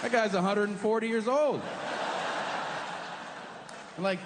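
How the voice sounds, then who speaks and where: A man doing stand-up storytelling, profane and animated, slipping into voices for quotes, on a theater stage mic. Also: high-pitched, unhurried, over a noisy crowd, very noisy. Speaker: stand-up comedian. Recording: roomy live theater with audience ambience.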